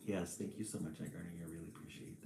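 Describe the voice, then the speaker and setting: A man reading a children's storybook on a live stream and chatting with viewers in a relaxed, chatty way. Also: low voice, gravelly, reverberant, slight background noise, low-quality recording. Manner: slow, relaxed, chatty with small laughs.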